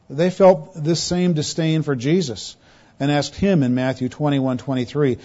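A man preaching an expository sermon as pastor, rising to loud, pointed quotations and dropping to hushed, quiet lows. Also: moderate pace. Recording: dull lo-fi sermon recording.

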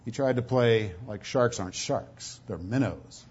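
A man preaching a sermon, emphatic, swinging from loud stretched words to low asides, often repeating words as he goes. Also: measured pace, breathy edge. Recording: dull lo-fi recording.

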